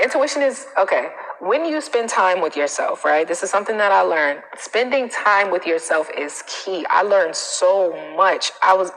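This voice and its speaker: On a live stream, a woman confidence coach gives emphatic advice, repeating phrases and tagging her points with frequent "okay?" When quoting other people, she acts out their lines in a higher voice. Her tone is a bit bright, and the rough recording has a long reverb tail.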